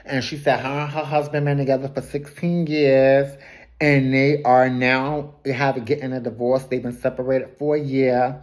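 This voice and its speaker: This woman has an extremely low-pitched, darkish voice and a flat delivery at a moderate pace. She gossips her way through a reality TV episode recap, laughing often and taking shots at people. She speaks loosely and corrects herself frequently.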